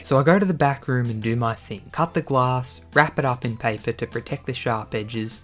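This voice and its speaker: A man reading Reddit retail stories aloud as a channel host, with wry, quick asides. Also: mid-range voice, faint music behind. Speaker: YouTube narrator.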